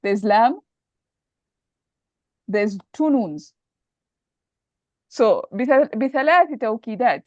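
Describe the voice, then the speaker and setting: A woman's voice: a little high, lively intonation, a little slow, pauses often, darkish tone, dry recording, highs cut off. A woman teaching an online grammar lesson, explaining step by step and patiently repeating the key points.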